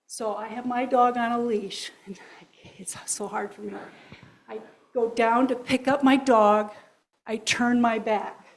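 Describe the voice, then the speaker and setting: A woman with a somewhat high voice shares a personal story in front of a church congregation. She speaks in a lively, nervous way. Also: unhurried, poor audio. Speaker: congregation member sharing a story. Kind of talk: personal testimony. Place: church sanctuary.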